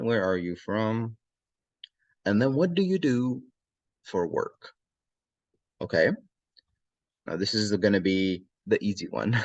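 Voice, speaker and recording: A man's voice: on the low side, lively intonation, dry recording. Man language teacher, patient, repeats phrases, dry dull recording. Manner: repeats phrases slowly, checks in with "okay?" and "yes?". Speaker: Arabic teacher. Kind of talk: language lesson.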